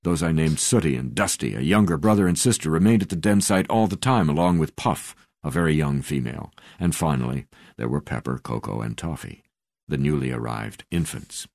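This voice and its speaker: An audiobook narrator with a strikingly deep, low voice reads a memoir at a measured, unhurried pace, his phrases often fading to a near-hush. His voice is animated and creaky, and the recording is close and dry with no room sound.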